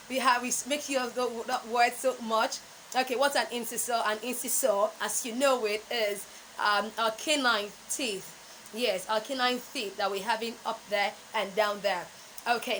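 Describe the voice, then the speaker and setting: A woman with a Nigerian English accent, a speech training coach teaching pronunciation and repeating words slowly for emphasis. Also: on the high side, a bit bright, slight background noise, rough recording. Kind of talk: pronunciation lesson.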